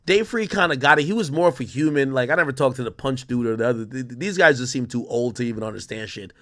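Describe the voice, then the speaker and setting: A man's voice: mid-range voice, quick pace, a bit bright. A young man telling a story in casual talk, swearing freely and acting out what others said to him. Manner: profane, quotes others in shifting voices.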